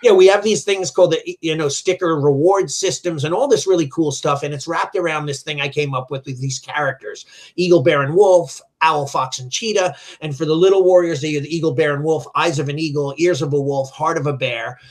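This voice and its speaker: Middle-aged man, slightly high voice, animated storyteller who acts out quoted dialogue. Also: fairly quick. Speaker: martial arts school owner. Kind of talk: storytelling in a business chat.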